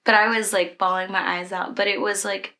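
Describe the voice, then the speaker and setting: A woman's voice: medium pitch, flat delivery, a little fast, pushed and bright. A woman who leads children's ministry, telling a personal story in a conversation, candid and emotional, with many fillers.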